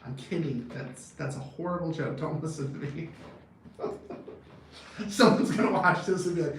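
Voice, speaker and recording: Speaking at a normal speed with frequent pauses, this thirty-something man has a fairly high voice. He's vlogging in a loose, foul-mouthed, rambling style, laughing a lot. The audio sounds distant and heavily reverberant, with slight background noise.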